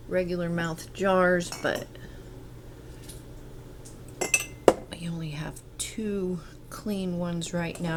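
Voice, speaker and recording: A woman talking through home canning in her kitchen, stuffed up and congested, rambling in a relaxed, unhurried way. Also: low-pitched, noisy background. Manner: slow, unhurried, rambling explanations. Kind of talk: casual kitchen how-to chat. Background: kitchen clatter of pots and utensils.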